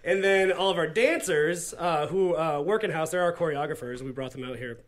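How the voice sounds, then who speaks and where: A man telling a story as a podcast guest, animated and laughing often. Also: a little high, normal speed. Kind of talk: casual podcast chat. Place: busy convention floor. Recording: loud crowd chatter behind.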